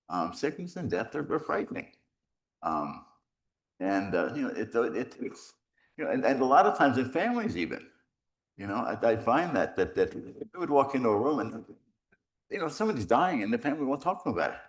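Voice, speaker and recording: A middle-aged man, a priest, giving a rambling, animated retreat talk full of stories and self-deprecating humor. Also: mid-range voice, moderate pace. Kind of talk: conversational retreat conference, storytelling.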